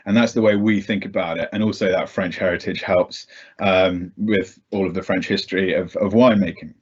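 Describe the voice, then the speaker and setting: A man with a fairly low voice talks through a video call as a guest speaker, chatty and self-deprecating, often pausing on "um." The audio is muffled and lo-fi, typical of a call connection. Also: steady tone, breathy edge. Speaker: guest speaker for a cider brand. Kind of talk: casual presentation on a video call.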